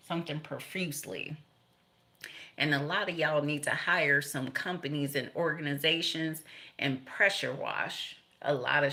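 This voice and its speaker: Older woman, tarot reader, bright voice, rambling and profane, frequent laughs. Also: sits low. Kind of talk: casual spiritual reading.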